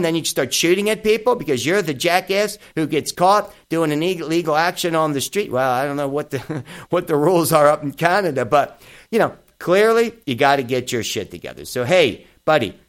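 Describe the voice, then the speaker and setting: Middle-aged guy doing a podcast, blunt and sweary, talks kinda high for a man. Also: fairly bright tone, clear, resonant tone. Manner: blunt, profane, emphatic. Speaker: podcast host. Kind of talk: casual opinion commentary.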